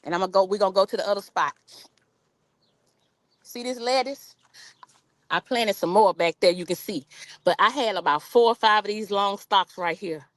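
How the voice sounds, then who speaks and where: A woman's voice: medium pitch, moderate pace, pauses often, a bit bright, no room sound. Woman chatting on a garden livestream, y'all this y'all that, reads out comments, dry close phone sound. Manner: chatty, reads viewer comments aloud, informal dialect with y'all. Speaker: gardening live-stream host. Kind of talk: casual live-stream chat. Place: outdoor backyard garden. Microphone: phone camera on a tripod.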